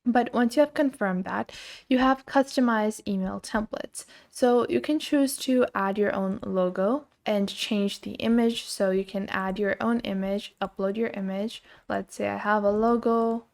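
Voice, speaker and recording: A woman hosting a screen-recorded software tutorial, explaining each step casually and with filler words. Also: medium pitch, a little slow, creaky. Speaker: tutorial host.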